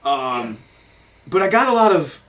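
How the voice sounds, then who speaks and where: A man's voice: a little high, big pitch swings, a little slow, fairly bright tone. A man hosting a podcast, chatting casually and rambling through stories with frequent swearing and laughter. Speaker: podcast host. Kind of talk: casual chat.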